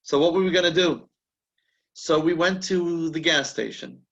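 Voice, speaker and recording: Higher-voiced man teaching, dull recording. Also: normal speed, gravelly, a bit bright. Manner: chatty, restarts sentences while thinking aloud. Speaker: rabbi teaching a class. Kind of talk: conversational teaching with anecdotes.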